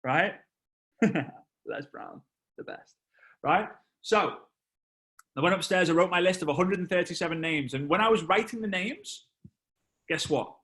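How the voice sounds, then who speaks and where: Forceful, animated male motivational speaker. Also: high voice, a little slow, long pauses. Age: 30s. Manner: animated, exclamatory, repeats phrases for effect. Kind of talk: motivational storytelling talk to a live online audience.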